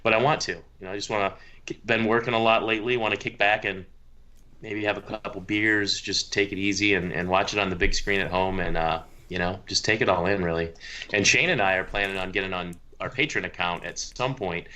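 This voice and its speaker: A man's voice: fairly low pitch, fairly even intonation, brisk, bright, forceful tone. A man co-hosting a podcast in casual chat, laid-back and easygoing. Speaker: podcast co-host.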